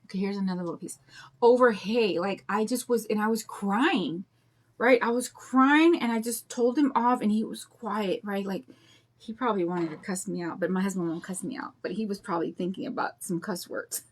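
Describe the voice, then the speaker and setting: While she paints, a woman in her fifties who makes craft videos drifts through a personal anecdote, chatty and confiding. She talks at a normal speed with a medium-pitched voice.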